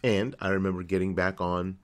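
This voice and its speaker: A middle-aged man with a very low, deep voice talks into a studio microphone. He hosts his own internet radio show and tells a personal story in a loose, casual monologue, often repeating words and restarting sentences. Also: level tone, brisk. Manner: storytelling, repeats phrases, self-corrects.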